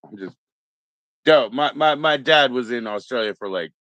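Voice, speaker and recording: A man's voice: mid-range voice, animated, normal speed, a bit bright, no echo, lo-fi sound. A man chatting casually on a live stream, rambling and laid-back as he greets viewers one by one. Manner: rambling, laid-back, greets chat members, mock Aussie slang. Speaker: livestream host.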